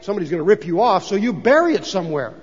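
An older man preaching a sermon as a pastor, swinging between loud emphasis and hushed asides. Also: high-pitched, sing-song, racing, breathy edge. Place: church sanctuary. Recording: dull reverberant church recording.

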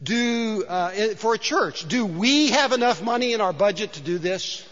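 A man's voice: high-pitched, expressive, moderate pace, fairly bright tone. A middle-aged man preaching a sermon in a church, conversational and joking, with frequent restarts. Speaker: pastor. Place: church sanctuary. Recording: dull sound in a large reverberant hall.

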